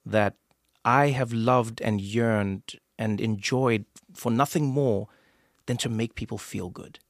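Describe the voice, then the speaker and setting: A man with a South African accent, hosting a casual conversation and telling stories with lively acted-out quotes. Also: on the low side, takes it slowly, dry recording. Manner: animated storyteller, acts out quoted voices. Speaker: podcast host.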